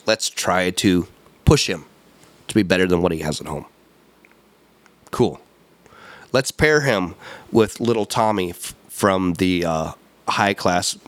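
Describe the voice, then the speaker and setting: A man with a low voice hosts a solo opinion podcast, ranting emphatically and rambling as he repeats words and corrects himself. There's no echo on the recording.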